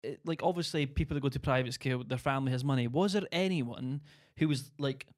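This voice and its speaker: A man's voice: medium pitch, brisk, a little mellow. A male podcast co-host with an ordinary mid-range voice. He keeps the chat casual and asks questions out of curiosity.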